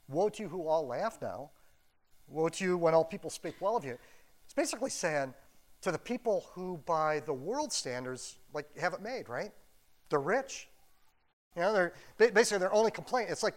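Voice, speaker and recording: Brief: male pastor with a slightly high voice, preaching in a casual, joking, chatty way. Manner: folksy, conversational, joking asides. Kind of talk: sermon.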